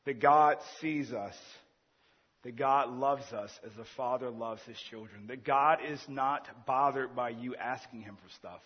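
A man in his thirties preaching a sermon, earnest, swinging between loud emphasis and quiet, intimate asides. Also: medium pitch, normal speed, few pauses, slightly rough, in a large hall, muffled recording. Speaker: pastor.

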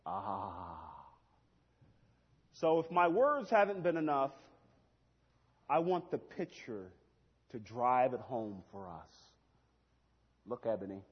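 A man preaching a sermon in a church, swinging between shouting and hushed asides and laughing at his own lines. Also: mid-range voice, sing-song, slow, long pauses, breathy edge. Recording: long hall reverb, dull lo-fi sound.

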